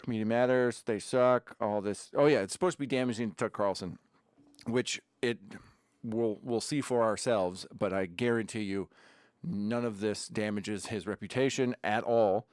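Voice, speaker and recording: A man's voice: fairly low pitch, moderate pace, a little mellow, smooth, dry recording. A man hosting a casual livestream from his home studio, chatting in a rambling way with sarcastic asides between sips of beer. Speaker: livestream host. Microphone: desk camera setup.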